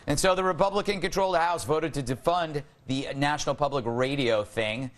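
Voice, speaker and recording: A man's voice: on the high side, a little fast. A man hosting a late-night panel show, joking and laughing often. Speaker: talk show host.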